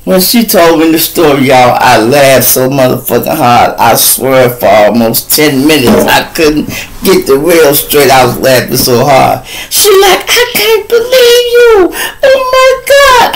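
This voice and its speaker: Against a noisy background, a man with a Chicago accent and an unhurried mid-range voice hosts a live talk show. He's laid-back, tells crude stories, and addresses his listeners directly.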